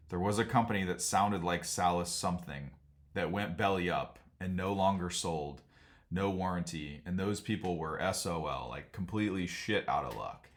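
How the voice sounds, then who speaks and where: Low-voiced man giving a rambling warning. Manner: rambling, frank, laughs at absurd points. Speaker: sauna business owner and channel host. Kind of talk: casual warning vlog.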